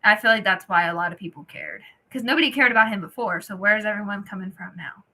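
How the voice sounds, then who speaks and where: A woman's voice: medium pitch, fast talker, bright, forceful tone. A young woman, a podcast guest, chatting casually in a laid-back way and hedging her opinions. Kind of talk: casual chat.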